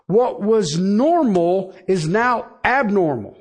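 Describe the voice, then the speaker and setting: Middle-aged guy preaching, slow and kind of high, chatty sermon with lots of questions thrown at the crowd. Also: lively intonation, breathy edge. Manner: conversational preaching with asides and rhetorical questions. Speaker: pastor.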